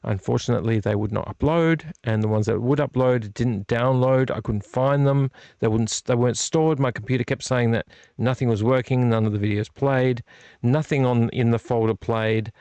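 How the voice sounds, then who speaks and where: A man's voice: mid-range voice, moderate pace, warm tone, clear, resonant tone, dry recording. Weary man venting on a vlog. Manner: rambling, self-deprecating, frequent restarts. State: frustrated and weary. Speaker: vlog host. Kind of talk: casual late-night vlog chat. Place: home movie collection room.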